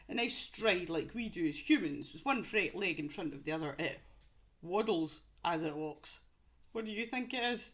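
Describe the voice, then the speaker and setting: A woman's voice: lowish voice, animated, unhurried, fairly bright tone. A young woman teaching young children through a home-learning quiz, with exaggerated questions and encouragement. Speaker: primary school teacher.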